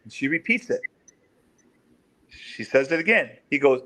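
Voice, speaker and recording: Animated storytelling man, slightly high voice. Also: unhurried, a little hiss or hum. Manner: animated, acts out quotes in raised pitch. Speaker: guest, former police officer. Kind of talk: storytelling in an interview.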